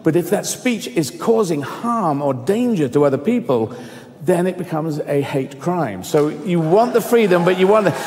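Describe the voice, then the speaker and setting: A middle-aged man telling personal stories in an animated way, swearing freely and acting out voices. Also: high-pitched. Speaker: guest. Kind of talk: storytelling in conversation. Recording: echoey hall reverb.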